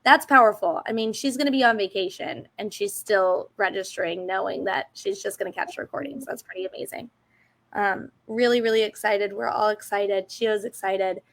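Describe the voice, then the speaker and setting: A woman's voice: mid-range voice, moderate pace, fairly bright tone. Woman, co-host, casual live-stream chat over a video call; upbeat and chatty. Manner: chatty, upbeat, lots of fillers. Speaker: co-host of a teacher conference info session.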